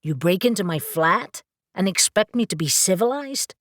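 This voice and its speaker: Brief: woman reading a sardonic tough-guy dealer, low voice, blunt and profane. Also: lively intonation, normal speed, dry recording, studio quality, lightly acted. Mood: gruff. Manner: blunt, sarcastic, swears. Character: gruff blunt male supernatural dealer.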